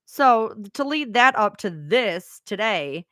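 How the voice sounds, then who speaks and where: Woman streamer, chatty and rambly with casual swearing, mid pitch, dead dry sound. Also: sing-song, slow, bright, forceful tone, dry recording. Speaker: live streamer. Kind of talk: casual storytelling to viewers.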